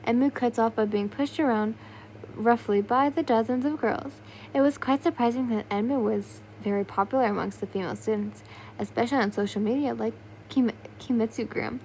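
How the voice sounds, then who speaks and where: A woman's voice: a little high, moderate pace, mellow, slight background noise, poor audio. A young woman narrating a fan fiction story in a loose, unpolished way, with yawns, slips and little asides. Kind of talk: casual fan fiction reading.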